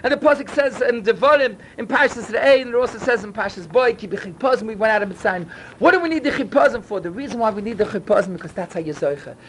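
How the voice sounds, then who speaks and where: A man rushes through a Torah talk at a very fast clip. He preaches with fervor and stresses his points, swinging between loud and hushed. Faint noise sits under his voice. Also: high voice, animated, poor audio. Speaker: yeshiva speaker.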